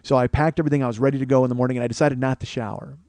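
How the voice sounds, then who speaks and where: A man's voice: medium pitch, steady tone, very fast, darkish tone, no room sound. A man hosting a comedy podcast, telling a long story with lots of swearing, laughing at his own jokes, into a studio microphone. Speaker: podcast host. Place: small studio, co-host close by.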